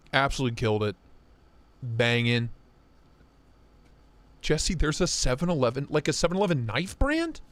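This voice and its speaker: Animated, profane man hosting a livestream. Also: medium pitch. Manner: profane, joking, reads viewer chat aloud. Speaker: livestream host. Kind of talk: casual live-stream chat.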